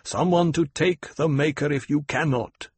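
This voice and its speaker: A man reading aloud voices a stern older desert troop leader who speaks bluntly and gives commands in a husky voice. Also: a little high, normal speed, a little mellow, dry recording, pitched above the performer's own voice.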